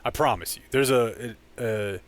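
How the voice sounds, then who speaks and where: A man co-hosting a loose comedy podcast. His voice sits at an ordinary middle pitch. He talks in a wry, joking way and often laughs at his own bits. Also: normal speed. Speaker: podcast co-host. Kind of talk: casual comedic chat.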